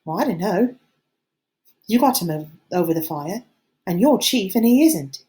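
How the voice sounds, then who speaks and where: A woman voicing an anxious, fussy schoolboy who frets and pleads in a high, squeaky voice, reading an audiobook. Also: lively intonation, normal speed, warm tone, natural voice. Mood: plaintive.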